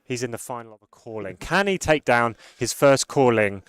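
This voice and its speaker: A man calls each play of a card game final in an upbeat, explanatory way. His voice sits at an ordinary middle pitch. The sound is dry and close to the mic. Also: lively intonation, normal speed, a bit bright, clean tone, dry recording. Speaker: play-by-play commentator. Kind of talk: live card game commentary.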